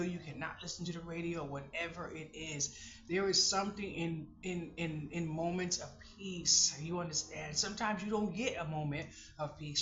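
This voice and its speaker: Animated woman telling a story, roomy sound. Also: fairly low pitch, muffled recording. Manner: animated, exclaims and laughs mid-story. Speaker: vlogger. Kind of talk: casual storytelling.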